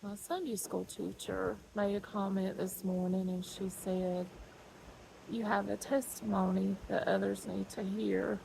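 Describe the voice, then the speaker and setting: A middle-aged woman giving an earnest, halting personal faith testimony. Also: medium pitch, level tone, creaky, dark tone, slight background noise, low-quality recording. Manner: earnest, halting, pauses with fillers.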